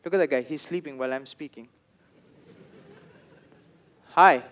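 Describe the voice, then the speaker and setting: Sri Lankan man doing animated stand-up. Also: a little high, unhurried. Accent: Sri Lankan English. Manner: animated storytelling, acts out quoted people in loud bursts. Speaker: stand-up comedian. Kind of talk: stand-up comedy set.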